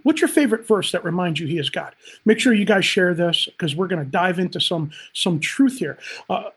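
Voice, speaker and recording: A man's voice: high-pitched, animated, fairly quick, fairly bright tone, husky. A man speaking as a pastor on a livestream, upbeat and talking straight to viewers in the chat. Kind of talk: livestream Bible teaching.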